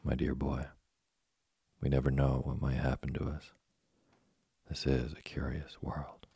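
A man's voice: a bass voice, moderate pace, no echo, heavily acted. A man doing a patient old woodcarver. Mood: gentle. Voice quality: gravelly, husky. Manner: gentle, calm and patient. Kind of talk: storybook reading. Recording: dry close studio sound.

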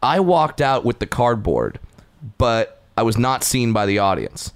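A man's voice: medium pitch, a little slow, dry recording. A man on a podcast telling a backstage story in casual chat, acting out voices as he goes. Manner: animated, acts out voices in quotes. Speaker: podcast host and puppeteer.

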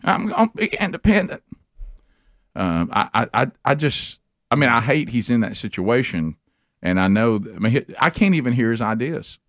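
A man co-hosting a talk radio show, halting and repeating words in folksy banter. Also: medium pitch, expressive, a bit bright, no room sound, studio quality. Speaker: radio co-host.

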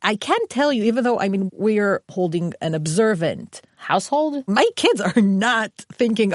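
A woman's voice: mid-range voice, expressive, normal speed, few pauses, dry recording, clean studio sound. A woman co-hosting a podcast, reflecting chattily about her own household. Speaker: podcast co-host. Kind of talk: casual podcast chat.

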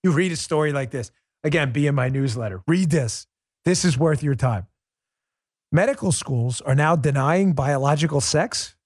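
A man's voice: fairly high pitch, animated, moderate pace, darkish tone, dry recording, studio quality. A man hosting a political commentary podcast. He talks in an emphatic, sarcastic way, with rambling asides. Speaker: podcast host. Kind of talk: conservative political commentary with host-read ad.

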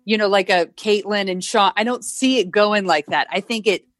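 A woman's voice: mid-range voice, normal speed, fairly bright tone, no echo, clean studio sound. A woman guest on a podcast, talking in casual chat with frequent restarts. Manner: hesitant, restarting speech.

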